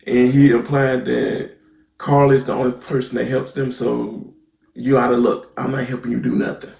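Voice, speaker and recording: Covering a TV episode in casual slang, this reviewer keeps the recap going with fillers such as "basically" and "right?". His gravelly, creaky voice is medium in pitch, flat and darkish, at normal speed, bouncing around an echoey room.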